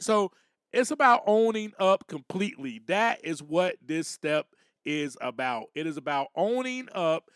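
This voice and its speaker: A man's voice: sits high, bright, forceful tone, dry recording, studio quality. A man hosting a podcast, giving a personal recovery talk and acting out little quotes, repeating phrases as he goes. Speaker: podcast host.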